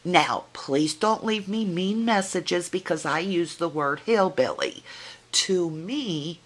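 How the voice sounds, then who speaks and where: Slow-talking chatty woman, low voice. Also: lively intonation. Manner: chatty, folksy, teasing, addresses viewers directly. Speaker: video blogger. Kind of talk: casual vlog talking to camera.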